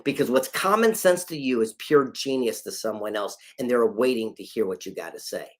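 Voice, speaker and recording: A man's voice: mid-range voice, animated, normal speed. A man giving a motivational talk over a call, telling anecdotes and acting out the people in them with emphatic delivery. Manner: storytelling, acts out quoted voices, emphatic. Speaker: motivational speaker.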